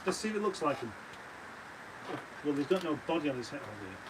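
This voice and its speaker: A man's voice: fairly high pitch, big pitch swings, quick pace. A British man bantering and teasing his friends on a casual livestream from a caravan. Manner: teasing, playful. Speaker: livestream co-host. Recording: noisy caravan livestream audio.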